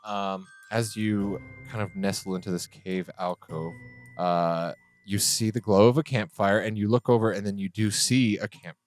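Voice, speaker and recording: A man narrating a tabletop game as game master, relaxed and a little hesitant. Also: on the low side, moderate pace, soft background music.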